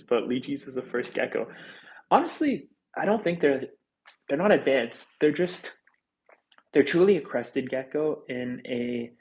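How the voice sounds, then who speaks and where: A man's voice: mid-range voice, vocal fry, poor audio. A man of thirty hosting a reptile livestream, chatting casually and candidly as he reads viewer comments, with frequent fillers. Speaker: reptile channel host.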